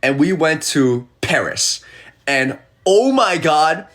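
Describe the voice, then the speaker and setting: Man, casual live-stream chat, animated storyteller with a lively, high-leaning voice. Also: takes it slowly. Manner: animated storyteller, acting out the people he quotes.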